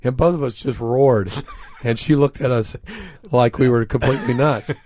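A man telling stories as a guest in an interview, earnest and full of fillers, slowing down for emphasis. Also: medium pitch, darkish tone. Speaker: author and guest. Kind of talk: storytelling in an interview. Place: studio.

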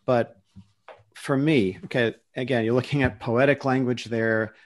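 A man's voice: mid-range voice, steady tone, unhurried. A man speaking earnestly in a casual discussion, defending a Christian view and often restarting his sentences as he searches for words.

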